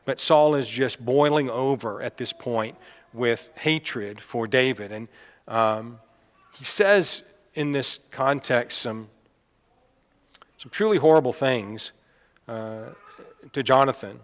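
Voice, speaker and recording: A man preaching a sermon in a casual, conversational way, pausing with fillers and asides. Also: medium pitch. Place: church hall. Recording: long reverb of a church hall.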